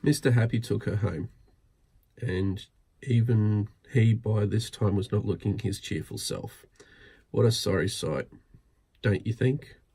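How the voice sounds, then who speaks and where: A man reading a picture book aloud at bedtime, pausing to point out each picture. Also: fairly low pitch, creaky, dark tone, breathy edge. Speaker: storybook reader.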